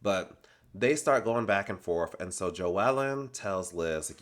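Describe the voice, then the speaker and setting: Man, lowish voice, for a sassy, animated reality TV recap vlog. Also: slow. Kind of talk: casual reality TV recap commentary.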